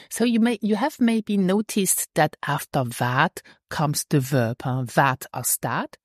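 A woman teaching a language lesson in a patient, deliberate way, often checking in with the listener. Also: deep voice, very animated, no echo, studio quality. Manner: patient, slow and deliberate, checks in with "hmm?" and "okay?".

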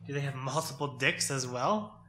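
A man co-hosting a casual chat over a card game, explaining things at length with nerdy excitement. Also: medium pitch, moderate pace, roomy sound, noisy background. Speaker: podcast co-host.

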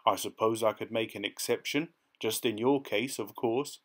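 A man's voice: lowish voice, moderate pace, close to an everyday voice. A man voicing a doubtful, serious male gatekeeper in a storybook.

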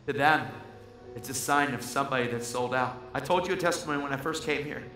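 Fervent preacher in an echoey hall. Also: male voice, medium pitch, fast, sharp tone. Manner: fervent, emphatic, storytelling. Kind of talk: sermon.

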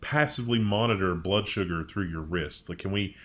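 Low-voiced man reading tech headlines. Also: a little fast, a bit bright. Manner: reads headlines then riffs sarcastically. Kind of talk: casual tech news chat.

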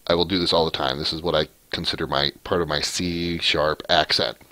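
A man with a low voice hosts a casual programming tutorial, thinking aloud as he works. He rambles, restarts his sentences and corrects himself. He is recorded dry and close, with keyboard typing heard behind him. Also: steady tone, brisk, sharp tone, dry recording. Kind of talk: casual screencast coding lesson.

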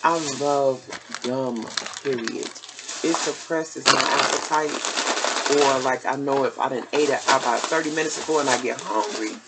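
A woman's voice: rumbling low, unhurried, heavy background noise. An older woman vlogger chatting casually through a shopping haul, a little out of breath, calling her viewers y'all. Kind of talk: casual haul video chat.

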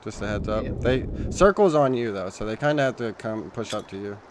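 A man's voice: on the low side, a little fast, noisy background. Young man streaming a shooter game. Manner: swings from calm callouts to loud panicked yelling. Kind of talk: casual gaming chatter.

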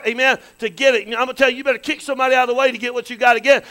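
A man preaching in a church, his voice pitched high and ringing bright. He keeps it folksy, tossing questions and amens to the congregation. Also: fairly even intonation, rapid-fire, clear, resonant tone, low-quality recording. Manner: folksy, calls to the congregation with frequent "amen" and questions. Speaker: pastor. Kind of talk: sermon. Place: church sanctuary.

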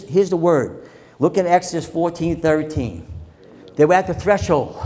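High pitched pastor guy preaching hard, goes quiet then shouts, gets the crowd answering back. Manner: impassioned preaching, swings from low murmurs to shouts, call and response. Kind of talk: sermon.

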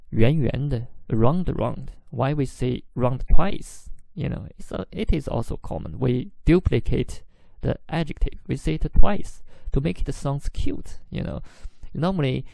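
Male podcast teacher, unhurried, patient explainer, dark mellow tone. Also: medium pitch, vocal fry, dry recording. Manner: explains words slowly, mixing in example phrases. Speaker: Chinese language teacher. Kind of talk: podcast language lesson; reading a diary aloud.

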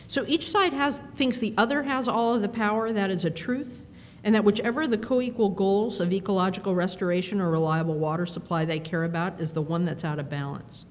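A middle-aged woman giving a conference keynote, telling stories in an animated, self-deprecating way with quick asides. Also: on the low side. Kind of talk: storytelling speech. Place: performance hall. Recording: long hall reverb, faint ambience.

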